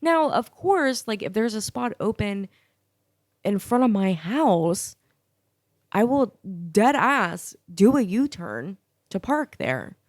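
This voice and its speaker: A woman's voice: mid-range voice, very animated, takes it slowly, no echo, studio quality. A young woman hosting a solo podcast, telling a profane, sassy story. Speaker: podcast host.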